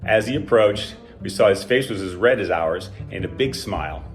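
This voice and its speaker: An older man with a lowish voice reads a personal story he wrote, dry and self-mocking in his humor. Soft guitar music plays faintly underneath. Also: animated, moderate pace. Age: 60s. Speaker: alumnus telling a personal story. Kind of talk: scripted personal story reading.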